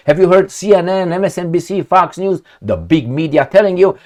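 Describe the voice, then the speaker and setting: A man's voice: sits high, brisk, hardly any pauses, darkish tone. A man with a non-native accent hosting an opinionated commentary vlog, firing rhetorical questions at the viewer in a ranting way. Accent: non-native accent of English. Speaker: political commentary host.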